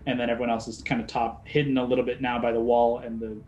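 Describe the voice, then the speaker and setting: A man narrating as dungeon master, slow dramatic scene-setting between rules talk. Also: mid-range voice, flat delivery, a little mellow. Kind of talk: narrating a tabletop game.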